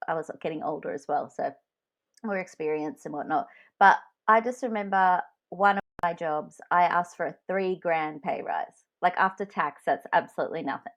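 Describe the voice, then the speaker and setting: A woman's voice: sits low, moderate pace. A woman co-hosting a podcast in casual chat, telling frank stories from her own work life. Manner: candid, frank storytelling. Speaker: podcast co-host.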